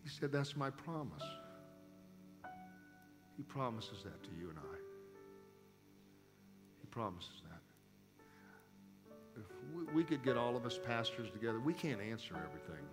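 A male guest preacher delivering a sermon with an altar call, swinging from quiet, intimate speech to loud, urgent pleading. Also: fairly low pitch, big pitch swings, normal speed, pauses often. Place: church sanctuary. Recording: long hall reverb with music behind.

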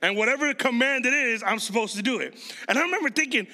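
A man's voice: extremely high pitch, lively intonation, fast talker, sharp tone. A man in his thirties from Chicago, preaching a conversational sermon and quizzing the congregation. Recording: long reverb of a large hall.

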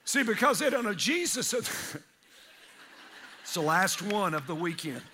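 High, bright-voiced preacher man. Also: normal speed, husky. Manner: energetic, bursts into shouted acted-out asides. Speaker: pastor. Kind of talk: sermon. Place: church.

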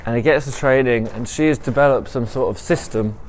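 A podcast host invents a story while walking along a city canal, rambling with lots of ums and corrections of himself. He speaks fairly quickly in a medium-pitched voice, with slight background noise.

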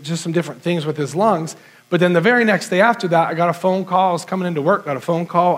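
High-pitched male pastor, earnest and conversational, preaching through a personal story.

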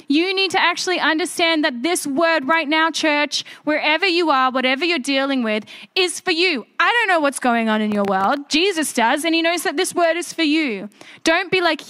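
A woman pastor with a high, light voice delivers a sermon. She preaches in a lively, chatty way and mixes teaching with funny stories about her own life. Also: normal speed. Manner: animated, conversational preaching with self-deprecating asides.

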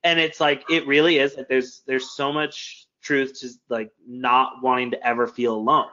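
A man's voice: medium pitch, little pitch movement, normal speed, bright, forceful tone. A man talking openly and earnestly in casual conversation, rambling with many fillers. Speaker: mentor and teacher. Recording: slightly dull lo-fi sound.

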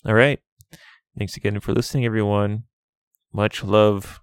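A man reads a podcast outro and earnestly asks listeners to leave reviews. His voice sits low. The recording is dry and close. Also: little pitch movement, unhurried, clear, resonant tone, no echo. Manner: plain, pleading for reviews. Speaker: podcast host. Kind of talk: scripted outro.

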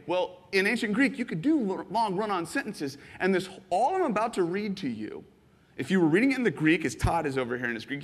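A man in his thirties preaching a sermon as pastor, telling stories quickly with lots of fillers and animated bursts. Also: high voice. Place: church sanctuary. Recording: reverberant church hall.

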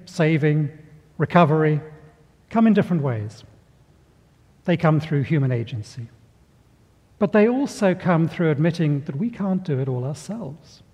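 A man's voice: a little high, darkish tone, lo-fi sound. Man preaching in a reverberant hall. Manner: storytelling with acted voices, measured pauses. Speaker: pastor. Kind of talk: sermon.

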